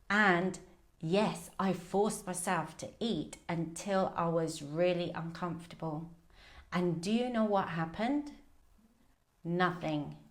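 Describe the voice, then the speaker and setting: A woman coach talking candidly on a live video about food, rambling with fillers and restarts. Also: fairly low pitch. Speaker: binge eating coach. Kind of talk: casual live video talk.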